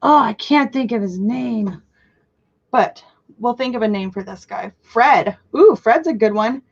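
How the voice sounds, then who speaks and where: A woman's voice: on the high side, measured pace, gravelly, darkish tone, highs cut off. A young woman in her twenties hosting a live crafting show, talking casually and jumping from topic to topic with self-mocking asides and sudden squeals. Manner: chatty, scattered and self-mocking, with bursts of squeals. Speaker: crafting livestream host. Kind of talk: casual live-stream chat.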